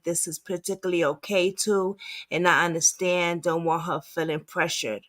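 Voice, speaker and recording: A woman advocate reading text messages aloud with commentary, in a halting, stumbling way with restarts. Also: lowish voice, steady tone, fairly bright tone.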